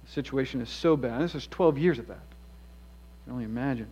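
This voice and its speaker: A male pastor preaching an expository sermon in a church, earnest and story-driven, moving between emphatic and hushed delivery. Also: mid-range voice, brisk. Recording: dull lo-fi sound.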